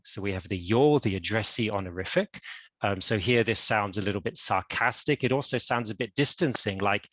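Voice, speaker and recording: A male university lecturer giving an online academic lecture, explaining in a measured way. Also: on the low side, fairly bright tone, dry recording, lo-fi sound. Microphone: computer mic on a video call.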